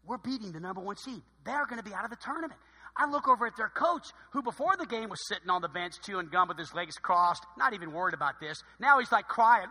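A middle-aged man preaching a sermon as pastor, telling stories in an animated way that swings between loud bursts and quiet asides. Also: sits high, a little fast, breathy edge. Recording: long reverb of a large hall.

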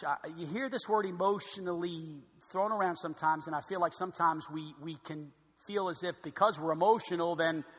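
A man preaching a sermon as pastor, swinging between loud emphatic stretches and quiet asides. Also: high voice, husky. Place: church sanctuary. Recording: long hall reverb.

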